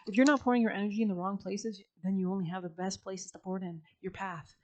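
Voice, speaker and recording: Mellow-voiced woman reading tarot casually. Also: medium pitch, steady tone, quick pace, a little hiss or hum. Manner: chatty, slangy, laughs often, many fillers. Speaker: tarot reader.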